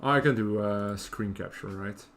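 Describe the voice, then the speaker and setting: Chatty Dutch man, lowish voice. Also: moderate pace, a bit bright, slight background noise. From Netherlands. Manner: rambling, self-correcting, chatty asides. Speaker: streamer. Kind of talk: casual gameplay commentary.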